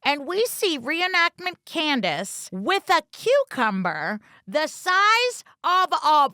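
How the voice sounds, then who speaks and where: A woman's voice: sits high, very animated, slow pace, sharp tone, dry recording, studio quality. A woman co-hosting a podcast, retelling a crime show with playful sarcasm and silly voiced quotes. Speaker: podcast co-host. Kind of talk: casual true-crime recap chat.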